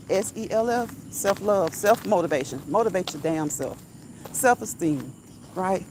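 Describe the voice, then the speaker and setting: A woman's voice: mid-range voice, darkish tone, slight background noise. Lady on a night walk preaching self love into her phone, repeats herself, crickets going. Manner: emphatic, repetitive, preachy with chuckles. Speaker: vlogger. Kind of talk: motivational walk-and-talk. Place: outdoors, walking at night. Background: crickets and insects.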